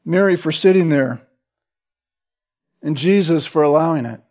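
A man preaching a sermon, emphatic, often checking in with his listeners with a quick "right?" and restarting words as he presses a point. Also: a little high, a little mellow.

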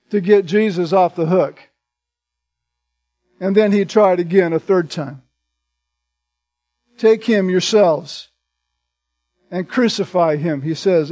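A man with a high, light voice delivers an expository sermon. He reads scripture aloud and then explains it in plain, direct terms. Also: darkish tone. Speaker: pastor.

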